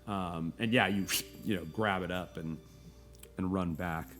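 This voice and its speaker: A man with a lowish voice narrates a tabletop game as its game master. He talks in loose, rambling bursts full of fillers and restarts. Soft music plays faintly behind him. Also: steady tone, unhurried. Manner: rambling, full of fillers, jumps into high squeaky voices for children.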